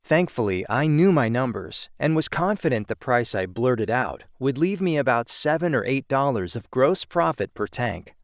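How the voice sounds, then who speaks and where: A man narrating his own first-person audiobook in a steady storytelling manner, recorded on a close studio mic. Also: medium pitch, normal speed, few pauses, no echo.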